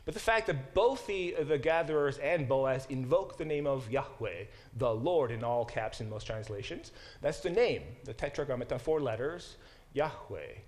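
A man's voice: mid-range voice, lively intonation, moderate pace. A middle-aged man teaching a Bible study class. He reads scripture aloud, stops to explain Hebrew words, and often corrects himself as he goes.

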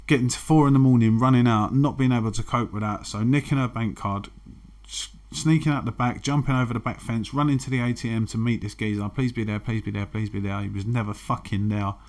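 A man's voice: mid-range voice, a little fast, a little mellow. A man, frankly telling his own recovery story and swearing freely. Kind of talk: candid personal testimony.

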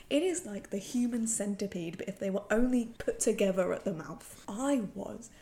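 A woman's voice: medium pitch, lively intonation, normal speed, hardly any pauses, dark tone. A woman co-hosting a podcast in casual chat, ranting and exaggerating with plenty of swearing. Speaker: podcast co-host.

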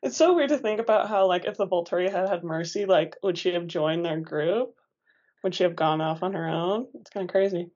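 A woman chatting casually about a book with a friend and reading passages aloud, animated and quick to laugh. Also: on the low side, muffled recording. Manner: chatty and animated, laughs often, says "like" a lot.

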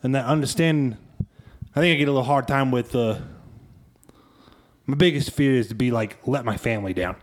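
Man, podcast host, casual chat, reflective, mid-pitched. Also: fairly quick, pauses often. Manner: reflective, searching for words.

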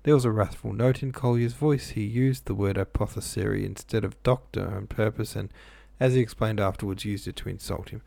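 Low gravelly man reading a novel aloud. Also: a little fast, few pauses, dark tone, no room sound. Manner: offhand, says "like" a lot. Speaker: reader.

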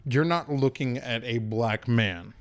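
A man's voice: mid-range voice, unhurried, no room sound, clean studio sound. Agreeable man chiming in on a podcast. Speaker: podcast co-host. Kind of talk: casual podcast chat.

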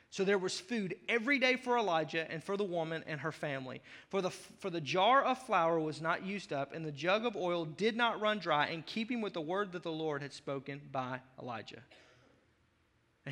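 High-voiced, emphatic male preacher. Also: pushed and bright, in a large hall. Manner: emphatic and conversational, with playful asides. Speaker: pastor. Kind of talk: sermon.

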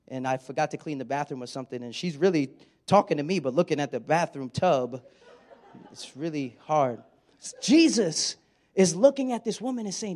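A man's voice: on the high side, expressive, moderate pace, a little mellow. A middle-aged man preaching a sermon in a conversational way, acting out the quoted lines. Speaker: pastor.

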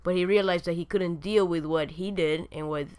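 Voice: medium pitch, fairly even intonation, darkish tone, clear, resonant tone. A podcast co-host in casual chat who halts and restarts while talking, then rattles off the show's links. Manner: halting in chat, stumbling over words. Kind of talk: casual chat and rapid social-media plugs.

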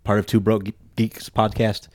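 A man's voice: fairly low pitch, monotone, moderate pace, darkish tone, no room sound. A man co-hosting a casual podcast chat, talking in an easygoing, enthusiastic way. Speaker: podcast co-host.

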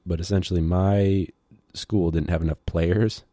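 Low-voiced rambling male teacher. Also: fairly even intonation, measured pace, mellow, no echo, studio quality. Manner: rambling, digressive, many fillers. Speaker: high school teacher. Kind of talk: casual podcast monologue.

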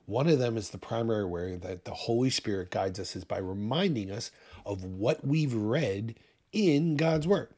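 Husky-voiced preaching man. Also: fairly low pitch, expressive, mellow. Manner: emphatic preaching, pace swinging fast and slow. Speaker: pastor. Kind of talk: sermon.

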